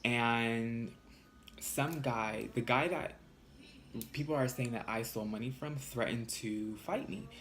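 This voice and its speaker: Young guy vlogger, sassy and blunt, mid-pitched voice, casual storytime delivery. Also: takes it slowly, slight background noise. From California. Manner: animated, sassy, swears freely.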